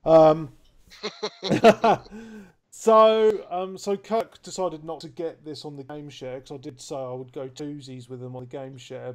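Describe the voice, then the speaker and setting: A man telling stories in casual podcast chat, lively and loose, with slang and the odd swear. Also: fairly high pitch, a little slow. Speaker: podcast co-host.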